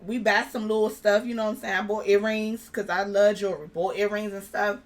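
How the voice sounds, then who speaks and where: A woman's voice: mid-range voice, fairly quick. Young woman telling a story animatedly. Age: young adult. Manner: animated, acts out quoted dialogue. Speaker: interview guest. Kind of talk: casual personal storytelling.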